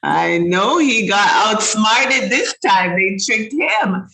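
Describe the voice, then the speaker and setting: A woman's voice: mid-range voice, expressive, takes it slowly, vocal fry. A woman hosting a children's show who chats casually and encourages her guests. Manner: warm, encouraging, thankful. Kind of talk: casual chat. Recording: roomy echo.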